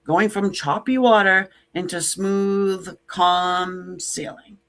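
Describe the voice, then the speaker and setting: A woman's voice: fairly low pitch, fairly even intonation, slow, a bit bright. A woman giving a casual tarot reading to camera, blunt and joking, with sassy asides and casual swearing. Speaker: tarot reader.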